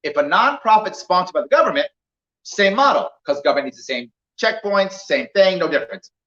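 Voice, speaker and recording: A man gives a campaign talk to a small crowd, his voice high and swinging widely as he acts out little scenes. The room is roomy and echoey, and the sound comes through dull and lo-fi. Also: a little fast. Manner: animated storyteller who acts out dialogue. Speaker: political candidate speaking to a small crowd. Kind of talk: campaign talk with acted-out anecdotes. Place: indoor venue, roomy.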